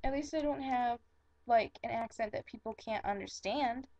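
A woman's voice: on the high side, darkish tone, no echo, highs cut off. A young woman with a Michigan accent chatting casually in a vlog, saying words over and over and commenting on them. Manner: chatty, self-conscious, repeating words slowly. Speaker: vlogger. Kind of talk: casual accent tag video.

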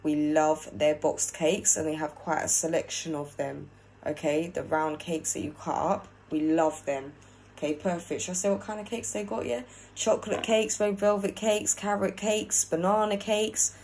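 A woman's voice: lowish voice, darkish tone, slight background noise, poor audio. A woman chatting casually as she relays a spirit's opinions, often checking with "yeah?" and repeating herself. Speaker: spiritual medium channeling a spirit. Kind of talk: casual spirit reading to camera.

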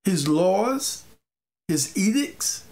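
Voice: mid-range voice, big pitch swings, very slow, a little mellow. A faith teacher giving an informal sermon, emphatic and repetitive, mixing personal testimony with exhortation and sometimes stumbling over words. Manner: emphatic, repeats key phrases, stumbles on words. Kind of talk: informal preaching monologue.

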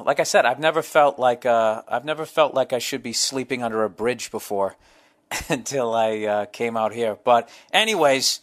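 A man's voice: medium pitch, fairly bright tone. A middle-aged man, hosting a solo podcast, telling profane, rambling comic stories. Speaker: podcast host.

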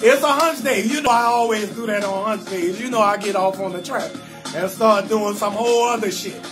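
A man hosting a live comedy call-in show, telling stories loudly and animatedly, acting out both sides of conversations and cutting in with blunt refusals. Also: sits high, moderate pace, music in the background. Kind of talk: loud storytelling comedy rant.

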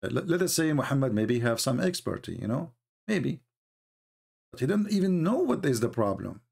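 A man hosting an online talk, speaking as an in a mocking, sarcastic way with lively storytelling. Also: mid-range voice, normal speed, vocal fry, breathy edge. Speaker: online debate host. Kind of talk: casual live-stream commentary.

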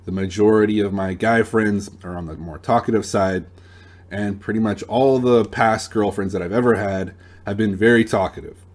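A young man with a somewhat low voice delivers a casual advice monologue. He talks in a relaxed, plain-spoken way, sometimes restarting a sentence mid-thought. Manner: relaxed, plain-spoken, uses gun comparisons, some restarts. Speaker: dating advice channel host.

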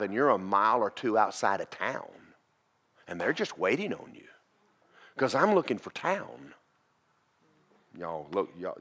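A man teaching a church class, preaching in a folksy, animated storytelling way. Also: low voice. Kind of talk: sermon.

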